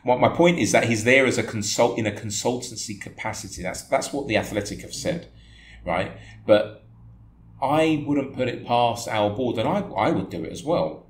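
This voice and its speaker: Man, casual podcast co-host, very lively intonation, roomy echo, faint background hiss. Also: medium pitch, moderate pace. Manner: animated, laughs a lot while joking. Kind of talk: casual football podcast chat. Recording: echoey room with faint noise.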